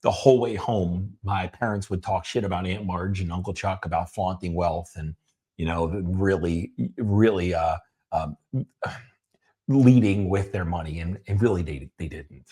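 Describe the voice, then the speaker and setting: A middle-aged man co-hosting a talk, telling his childhood story in a halting way with many restarts, at times emotional. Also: deep voice, dark tone, slightly rough. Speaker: podcast co-host. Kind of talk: personal storytelling conversation.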